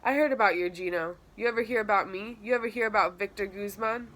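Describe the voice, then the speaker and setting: A woman's voice: mid-range voice, quick pace, fairly bright tone, pitched above the performer's own voice, natural voice. A woman voicing a cocky teenage boy soccer star in an audiobook, speaking in swaggering, mocking street talk. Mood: boastful. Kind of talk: audiobook character voice.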